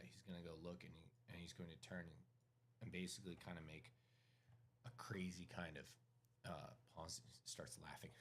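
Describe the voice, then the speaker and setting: A man narrating as game master, calling dice rolls in a casual, halting way with many fillers. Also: deep voice, slightly rough.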